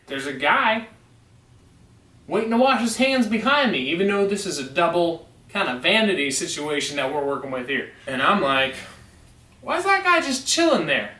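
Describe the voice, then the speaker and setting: A man's voice: fairly high pitch, animated, normal speed, sharp tone, recorded from a distance. A man telling a story on a vlog, in an emphatic and insistent way. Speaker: vlogger. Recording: echoey room, away from mic.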